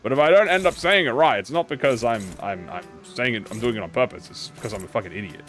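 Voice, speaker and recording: A streamer with a medium-pitched, slightly bright voice talks quickly to his chat while playing a game, over soft background music. His live-stream commentary is casual and rambling, full of self-mockery and free swearing.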